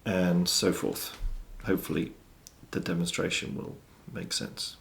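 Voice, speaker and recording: A man teaching drum exercises in a measured, methodical way, counting out stickings. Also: deep voice, fairly even intonation, gravelly, fairly bright tone, a little hiss or hum. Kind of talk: instructional explanation. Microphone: studio mic with monitor system.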